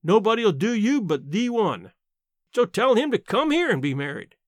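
A man reads a story in the voice of a blunt, sharp-tongued old country aunt, dry and matter-of-fact in plain rural speech. He pitches it high and pushes his voice up, with a sing-song lilt at a moderate pace, and there's no echo.

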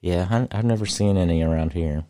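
A man's voice: low-pitched, brisk, warm tone. A man in casual chat, easygoing and agreeable, chuckling along.

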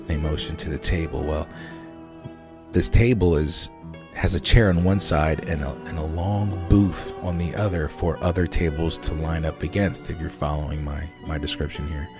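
A man hosting a podcast, telling a rambling, profane story in a casual, animated way. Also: low-pitched, moderate pace, over music. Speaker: podcast host.

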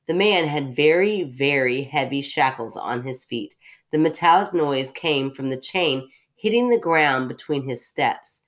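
A woman with a low voice reads a story aloud on a podcast. She keeps breaking off into chatty, self-interrupting asides and laughs at herself. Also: animated, a little slow. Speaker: podcast host reading a story.

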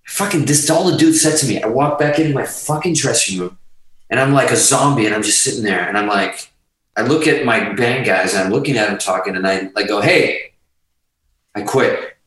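Profane animated storyteller man. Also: mid-range voice, fairly quick, heavy reverb, recorded from a distance, low-quality recording. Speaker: guest musician. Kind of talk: casual storytelling.

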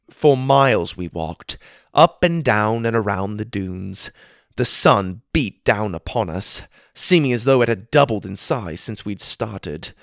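Animated male storybook narrator. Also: fairly low pitch, dry recording. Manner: expressive, dramatic reading. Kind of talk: first-person storybook narration.

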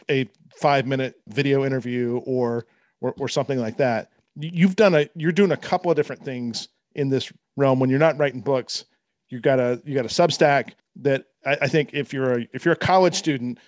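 A man's voice: medium pitch, no echo, studio quality. A man hosting a casual interview, asking thoughtful, winding questions. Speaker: host.

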